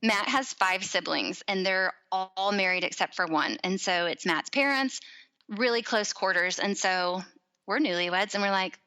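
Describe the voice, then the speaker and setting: A woman's voice: medium pitch, moderate pace, clear, resonant tone, rough recording. A woman in her thirties, a podcast guest, telling a personal story in casual chat and acting out the quoted voices. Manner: animated, acts out quoted voices.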